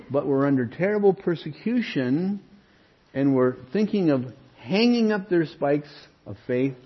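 Guy teaching scripture, lively up and down delivery, dull muffled recording. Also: mid-range voice, husky. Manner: expressive, emphatic, asks rhetorical questions. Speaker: Bible teacher. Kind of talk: Bible teaching.

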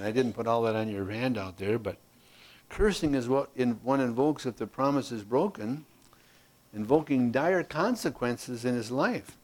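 A man teaches a Bible class from a handout in an animated, folksy style, adding playful asides as his volume swings between emphatic and hushed. He has a medium-pitched voice and a moderate pace.

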